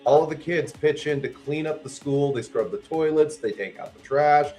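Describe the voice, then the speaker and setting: A man's voice: fairly high pitch, moderate pace, darkish tone, faint music behind. A man in a casual group chat, explaining things at length with dry jokes.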